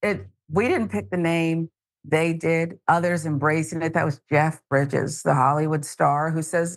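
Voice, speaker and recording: A woman's voice: deep voice, steady tone, unhurried, no echo, clean studio sound. A woman co-hosting a news show, reading reports and throwing in wry joking asides.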